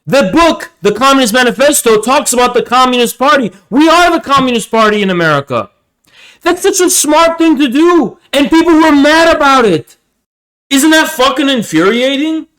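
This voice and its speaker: A man hosting a livestream, ranting heatedly and with a lot of profanity, his pitch swinging up and down. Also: a bit bright, poor audio. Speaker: streamer host.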